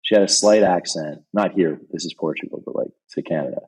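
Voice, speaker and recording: A man with a very deep, husky voice, spinning casual stories as a podcast guest. He rambles in a relaxed way, packing in fillers as he goes. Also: fairly quick, low-quality recording. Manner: rambling, laid-back storyteller with many "like"s. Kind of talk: casual storytelling.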